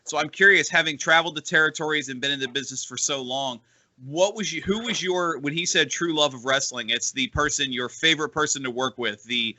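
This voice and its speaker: A man co-hosting a podcast interview, reading an ad and asking questions in a halting, hesitant way with fillers. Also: on the high side, pushed and bright. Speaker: co-host.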